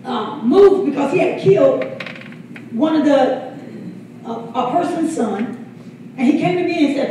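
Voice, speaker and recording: A woman's voice: high voice, lively intonation, unhurried, pauses often, warm tone, a little hiss or hum. A woman pastor telling a story in a sermon, laughing often and acting out quotes. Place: church hall. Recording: echoey hall from far off.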